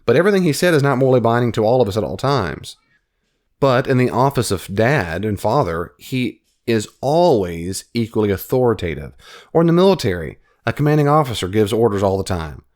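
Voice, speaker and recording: Male podcast host, lively up-and-down delivery, argumentative, restarts his sentences. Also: medium pitch, a little fast. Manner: animated, self-correcting, argumentative. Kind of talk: casual commentary.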